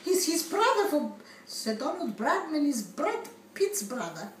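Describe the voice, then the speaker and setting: A woman's voice: high voice, unhurried. A woman playing a flustered migrant woman in an immigration interview, talking in broken English full of mix-ups. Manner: broken English, malapropisms, excitable, giggly. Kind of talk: comedy sketch. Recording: roomy echo, distant mic, faint noise.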